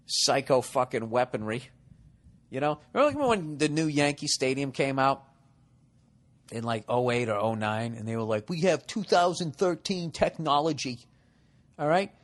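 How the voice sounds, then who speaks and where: A man's voice: mid-range voice, a bit bright. Profane, sarcastic male comic host. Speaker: podcast host reading listener letters. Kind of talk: rambling comedic monologue.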